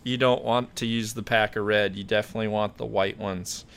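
A man's voice: on the low side, fairly even intonation, brisk, gravelly, smooth. A man hosting a podcast, telling a story in a rambling, self-correcting way. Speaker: podcast host. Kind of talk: casual storytelling chat.

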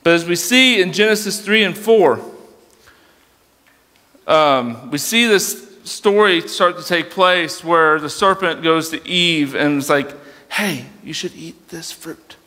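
Young man, youth pastor, casual sermon, bright tense voice, long hall echo. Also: a little high, takes it slowly. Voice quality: dyslexic, struggles reading aloud. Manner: casual, conversational preaching with fillers.

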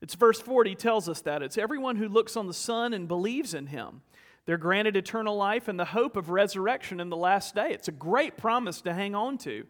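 Pastor, male, fairly high voice, earnest storytelling sermon in an echoing sanctuary. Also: expressive, brisk. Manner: storytelling, earnest, rhetorical questions. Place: church sanctuary.

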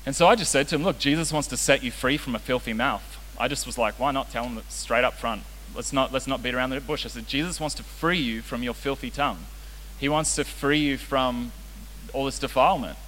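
Joking youth pastor in a hall. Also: male voice, medium pitch, fairly quick, a bit bright. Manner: casual, joking, self-deprecating. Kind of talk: sermon. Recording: reverberant hall with faint hiss.

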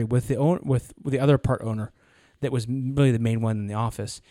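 Brief: young male podcast co-host, mellow and dry, rambling storyteller. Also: mid-range voice, fast talker, few pauses, no room sound. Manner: rambling, acts out quoted people in anecdotes. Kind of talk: casual podcast conversation.

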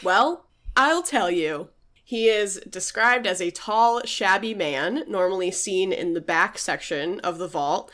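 A woman's voice: medium pitch, unhurried, a bit bright. A woman co-hosting a podcast, casually telling a ghost story with lots of fillers. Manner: chatty, uses many fillers, reads out quotes. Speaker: podcast co-host.

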